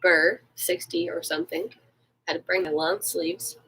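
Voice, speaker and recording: A woman fitness instructor with a sleepy voice, calmly guiding a gentle stretching class. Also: on the low side, unhurried, vocal fry, husky, poor audio. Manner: gentle, calm cueing. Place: at home in Florida.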